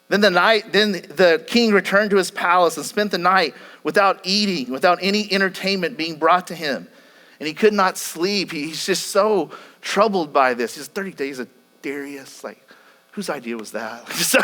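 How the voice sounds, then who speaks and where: A man's voice: high-pitched, fairly bright tone. A male pastor preaching a sermon, retelling a scripture story earnestly, with frequent repetitions and restarts.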